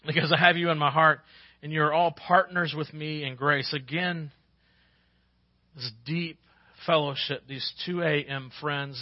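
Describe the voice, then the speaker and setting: A man's voice: fairly high pitch, no echo, highs cut off. A man preaching a sermon as pastor, folksy and conversational, rising to emphatic peaks.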